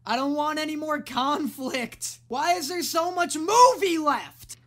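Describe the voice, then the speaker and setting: A woman hosting a reaction video, giving casual, sarcastic commentary, swearing freely and often yelling at the screen. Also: sits high, unhurried.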